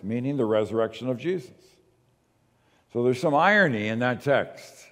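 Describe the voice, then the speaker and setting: A man's voice: mid-range voice, expressive. Male pastor preaching in a reverberant hall. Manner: dynamic preaching, swings between soft asides and emphatic, slowed quoting of scripture. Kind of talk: sermon.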